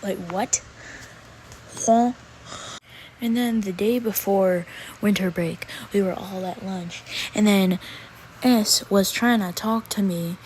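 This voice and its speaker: A woman's voice: mid-range voice, darkish tone, slight background noise, poor audio. A teenage girl telling a storytime rant in a casual, exasperated, slangy way. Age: teens. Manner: exasperated, slangy, drawn-out pauses. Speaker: vlogger.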